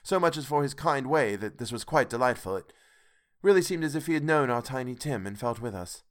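A man reading an audiobook, voicing a gentle, earnest working father who speaks with tender emotion. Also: medium pitch, expressive, a little fast, pitched above the performer's own voice, close to an everyday voice. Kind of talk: audiobook character voice.

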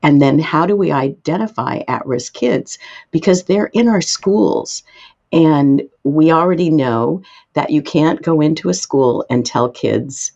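A woman guest expert answering interview questions, explaining in an emphatic way with sudden lifts in pitch. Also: animated, unhurried, gravelly, warm tone, muffled recording.

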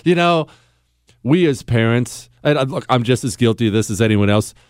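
A man in his forties hosting a call-in radio talk show, emphatic and animated, dropping from loud to low. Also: normal speed, smooth, no room sound, studio quality.

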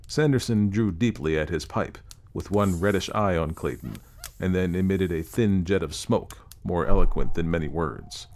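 A man with a low voice reads a classic story aloud in a measured, steady storytelling manner. The narration is calm and unhurried. He shifts easily between plain telling and the characters' speech. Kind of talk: audiobook narration.

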